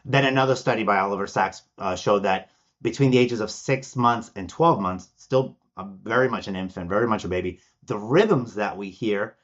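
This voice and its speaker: A man's voice: on the low side, normal speed, highs cut off. A man from Argentina, a podcast guest, telling stories with energy and acting out the people he quotes. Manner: animated storyteller, acts out quoted voices. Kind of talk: podcast interview.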